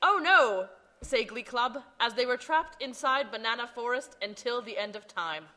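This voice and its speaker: A woman reads a silly story in deliberately broken English with a flat storybook delivery. Her voice is bright and fairly high. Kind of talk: deadpan comic reading in broken English.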